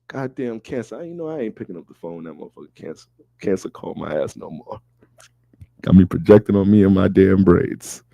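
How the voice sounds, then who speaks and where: A man with a low, mellow voice gives a casual astrology reading. He talks in a loose, profane and animated way. The sound is close and dry. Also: moderate pace, vocal fry, long pauses, dry recording.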